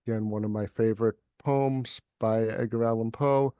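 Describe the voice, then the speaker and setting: A man who is a poet and guest reader, reciting a poem in an even, unhurried way and then chatting casually over a video call. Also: fairly low pitch, clean tone, dry recording, studio quality. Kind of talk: poetry recitation and casual chat.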